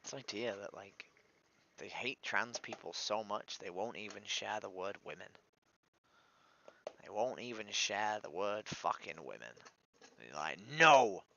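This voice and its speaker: A man's voice: lowish voice, a little slow, creaky, bright, forceful tone, highs cut off, a little hiss or hum. A man streaming alone, upset and weary, venting his frustration in a despondent monologue that swears and trails off into mutters.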